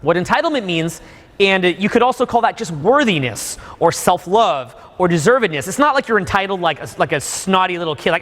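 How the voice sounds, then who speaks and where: A man coaching a live seminar audience, animated, suddenly bursting into loud acted-out examples. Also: high-pitched, normal speed. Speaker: dating coach. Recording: long hall reverb.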